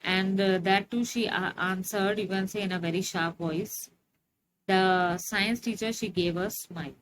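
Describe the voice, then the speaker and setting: Slow-paced woman teacher explaining a story. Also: mid-range voice, steady tone, noisy background. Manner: slow, explanatory, frequent fillers. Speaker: English teacher.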